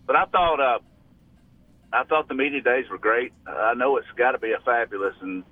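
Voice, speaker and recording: A man's voice: mid-range voice, moderate pace. Man, Southern accent, radio caller, rambling, restarts, phone-line sound. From Alabama, US. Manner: rambling, chatty, many restarts. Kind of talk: casual phone call.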